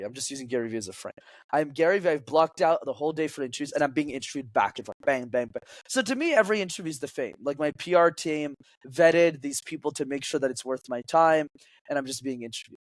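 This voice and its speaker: With a slightly high voice and no echo, a man who teaches public speaking chats on a podcast, animatedly performing quoted lines in changing voices.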